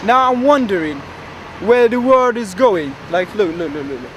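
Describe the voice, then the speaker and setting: A man's voice: high voice, animated, moderate pace, fairly bright tone. A man playing a grandiose, dreamy young man with big ambitions, who rambles boastfully and fills his talk with hesitations in a comedic street interview. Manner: rambling, boastful, full of fillers. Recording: outdoor traffic noise.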